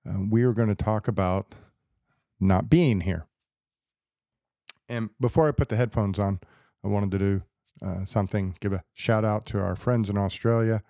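A man hosting a podcast alone as a psychologist, explaining ideas step by step in a steady, lecturing way. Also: on the low side, no room sound, studio quality. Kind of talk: casual solo podcast talk. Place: podcast studio.

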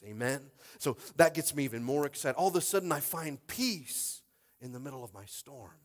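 A male pastor preaching a sermon in a conversational style, swinging between loud exhortation and hushed speech and often asking the crowd if they are with him. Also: medium pitch, animated, moderate pace, big-room sound. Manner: conversational, asks the crowd for response.

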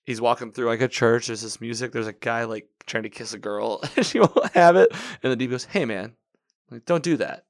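A man's voice: mid-range voice, fairly quick, few pauses, no echo, clean studio sound. A man casually recapping a TV episode, talking in a rambling way, correcting himself and quoting the characters as he goes.

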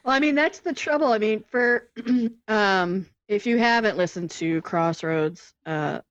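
A woman's voice: mid-range voice, measured pace. A woman co-hosts a casual podcast chat, laughing a lot and swearing freely. Her voice comes through dull and lo-fi. The sound is dry, with no room echo. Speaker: podcast co-host.

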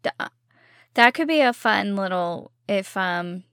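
A woman co-hosts a podcast, talking in a laid-back, jokey way with plenty of "like." Her voice is dry and close, with no room sound. Her pitch is mid-range. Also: expressive, measured pace, sharp tone, dry recording. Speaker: podcast co-host. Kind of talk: casual chat.

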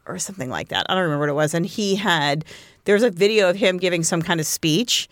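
A woman's voice: quick pace, dry recording, studio quality. A woman in her forties co-hosting a podcast, chatting casually and acting out quotes in her stories. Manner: chatty storyteller, acts out quotes with big pitch jumps. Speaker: podcast co-host. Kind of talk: casual chat.

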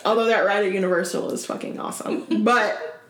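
A woman co-hosting a podcast, telling relaxed stories with dry asides. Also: medium pitch, a little fast, echoey room. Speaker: podcast co-host. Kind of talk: casual chat.

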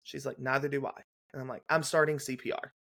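A young adult man, a guest on a podcast, telling a detailed clinical story in a brisk, casual way and acting out the dialogue. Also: mid-range voice, flat delivery, vocal fry, fairly bright tone. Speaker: guest, legal nurse consultant.

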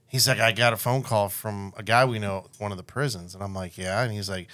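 A man's voice: on the low side, steady tone, a little fast, fairly bright tone. A man on a podcast, telling crude, wild stories in casual chat and laughing his way through them. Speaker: podcast guest.

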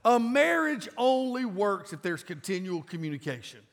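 A man in his forties preaching a sermon to a congregation in a casual, emphatic way that breaks into loud bursts. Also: high-pitched, sing-song, normal speed, vocal fry. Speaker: pastor. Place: large church auditorium. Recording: live church sound with long reverb.

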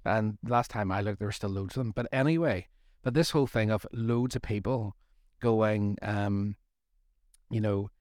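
A man's voice: on the low side, moderate pace, a little mellow, no room sound, clean studio sound. A middle-aged man co-hosting a faith study series, talking in a rambling, jokey way with self-deprecating asides. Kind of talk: casual faith discussion.

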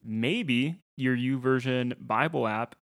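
A man's voice: medium pitch, slow pace, creaky, a bit bright. A man in his twenties, a guest on a podcast, talking casually and tentatively with lots of hedges. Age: 20s. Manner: tentative, hedging, chuckles.

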